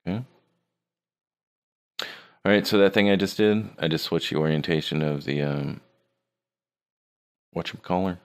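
Male instructor, very low and gravelly, laid-back, teasing, walks students through software. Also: steady tone, normal speed, long pauses. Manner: joking, teasing his students. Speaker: 3D art teacher. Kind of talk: casual screen-recorded tutorial.

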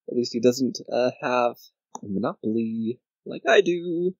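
A man's voice: mid-range voice, unhurried, darkish tone, dry recording, dull audio. A man casually commenting on his own board game play, counting squares aloud and grumbling at his opponent. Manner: talks to himself, counts squares aloud, mock-angry grumbling. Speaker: gamer playing a board game video game.

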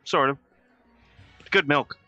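A man playing in a tabletop game who talks in a relaxed, matter-of-fact way. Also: on the high side, takes it slowly, dull audio, faint music behind. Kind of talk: casual chat.

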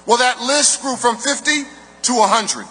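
A man's voice: very high voice, measured pace, bright, forceful tone, husky. A man giving a live motivational speech in rhythmic, emphatic oratory, building on a repeated refrain. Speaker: motivational speaker. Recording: reverberant hall, faint music.

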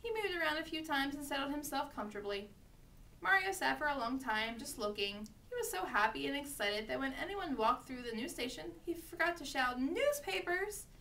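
A woman reading a children's storybook aloud with steady, expressive narration. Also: high-pitched, brisk, far from the mic, slight background noise. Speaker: reader.

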